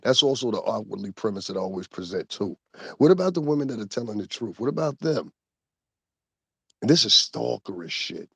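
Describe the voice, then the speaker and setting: A medium-pitched man from Connecticut, USA, hosts commentary, delivering a heated, profane, casual rant punctuated by laughing asides. There's no echo.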